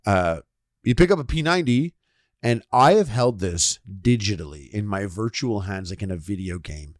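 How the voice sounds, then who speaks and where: A man in his thirties, podcast co-host, chatting casually and telling animated stories with sudden loud shouts when he quotes himself. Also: on the low side, normal speed, dry recording, studio quality. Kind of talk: casual chat.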